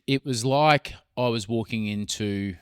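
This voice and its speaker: A man's voice: mid-range voice, clean tone, no echo, clean studio sound. A middle-aged man with an Australian accent, telling stories in casual podcast chat and swearing freely. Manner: storytelling, swears freely, drawn-out pauses. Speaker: podcast co-host.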